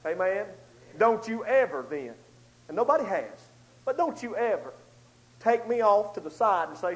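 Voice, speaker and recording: Man, preacher, fairly high voice, emphatic, loud then hushed. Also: very animated, moderate pace, poor audio. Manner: emphatic, swings between loud outbursts and hushed asides. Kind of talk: sermon with storytelling.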